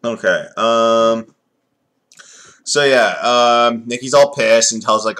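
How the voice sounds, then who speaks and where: A man's voice: mid-range voice, slow, a bit bright. A man casually reviewing a wrestling reality show, rambling with many fillers and sarcastic asides.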